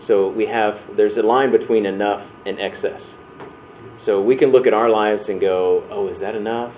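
A man's voice: fairly low pitch, fairly even intonation, moderate pace, a little hiss or hum. Storytelling man, tinny phone-like sound. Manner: conversational, restarts and acts out quotes. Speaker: breakout session speaker. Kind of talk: storytelling church workshop talk.

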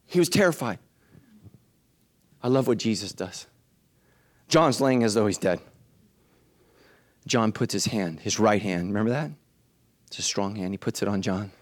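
Preaching in church, this male pastor shifts from quiet, low phrases to loud, high shouts, driving home urgent refrains. He speaks unhurriedly with long pauses, and there's no echo.

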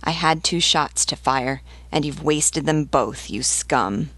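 A woman's voice: low-pitched, takes it slowly, a bit bright, exaggerated voice. A woman reading the lines of a brash, mocking wounded soldier in a taunting, scornful manner. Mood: grumbling.

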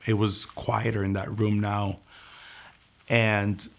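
A young man tells his own testimony, his low voice roughened by gravelly fry. He speaks in a hushed, intense way and often sinks to near a whisper as he recounts the story. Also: little pitch movement, slow pace.

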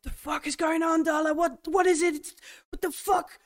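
A woman voicing a frantic male soldier who fires off shrill, panicked questions. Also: little pitch movement, moderate pace.

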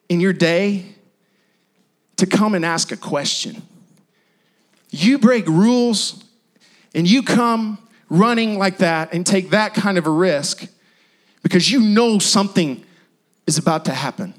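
A male pastor preaching a sermon in an emphatic, repetitive style with dramatic pauses. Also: high-pitched.

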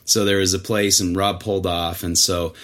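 A man with a fairly low voice tells a casual, rambling story as a podcast co-host. He fills it with fillers and restarts, and he acts out the quotes with animation. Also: level tone, moderate pace, fairly bright tone.

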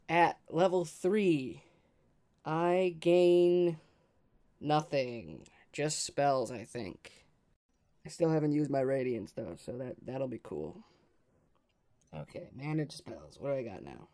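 A tabletop game player thinking aloud, excitable and swearing freely. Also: mid-range voice. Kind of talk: casual tabletop game play.

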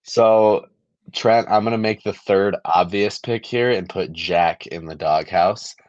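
A young man with an ordinary mid-range voice, laid-back and teasing, and quick to laugh at himself. The recording is dry and close with a slightly dull, muffled top end. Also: sits low, dry recording. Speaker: podcast co-host. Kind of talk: casual fantasy football chat.

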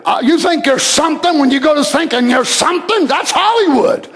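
A man preaching a sermon, swinging from shouted, drawn-out lines to low murmurs. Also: animated.

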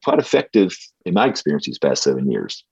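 A very deep, husky older man, telling stories in an earnest, reflective way as a pastor on a podcast. His pitch swings widely as he talks, and the sound is a bit dull and lo-fi. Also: wildly swooping pitch, fairly quick, a little mellow, no echo. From United States. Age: 60s. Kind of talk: casual interview talk.

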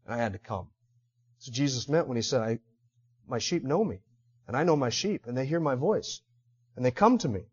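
A man preaching a sermon, rising to loud, emphatic peaks and dropping to quiet, low-voiced passages. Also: animated, a little fast, long pauses, slightly rough, dull audio. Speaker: pastor.

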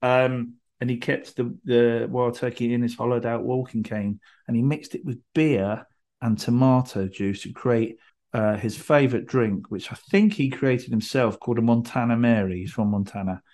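A man's voice: medium pitch, steady tone, normal speed, darkish tone. A man, co-hosting a casual chat, telling stories with many ums and restarts. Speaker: co-host. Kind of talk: casual chat about whiskey and anecdotes.

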